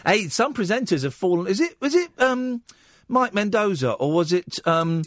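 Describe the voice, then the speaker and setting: A man's voice: sits high, sing-song, normal speed, dry recording. A man hosting a late-night radio chat show in a studio, playful and teasing as he rambles along. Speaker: radio host. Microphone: studio microphone.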